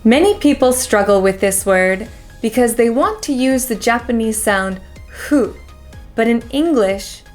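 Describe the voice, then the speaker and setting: Slow-drilling American woman coach. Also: a little high. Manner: slow, careful drilling with repeated words. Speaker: pronunciation coach. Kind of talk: pronunciation lesson.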